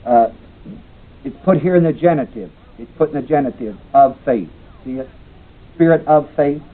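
A man's voice: fairly high pitch, normal speed. A man teaching a Bible class, reading verses aloud and quizzing his class, on a tinny old tape recording. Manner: reads scripture aloud, then asks the class questions.

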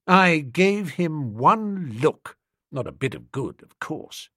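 A man narrating a comic story as an audiobook, in a brisk, animated storytelling manner. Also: medium pitch, breathy edge, no echo, clean studio sound.

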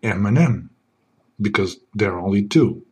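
A man playing a smug secret agent in a comedy sketch, keeping a low, smooth, deadpan voice. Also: moderate pace. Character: suave smug male secret agent parody.

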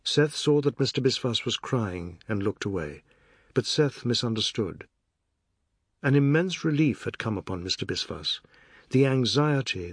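A man narrating a novel as an audiobook in a measured, expressive reading. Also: medium pitch, breathy edge, dry recording, clean studio sound.

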